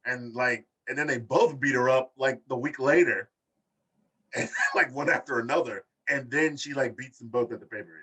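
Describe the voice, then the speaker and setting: A man co-hosting a casual podcast chat, telling long stories and acting out quotes in animated bursts. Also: moderate pace, husky, distant mic, low-quality recording. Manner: animated storyteller, acts out quotes with big pitch jumps. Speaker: podcast co-host.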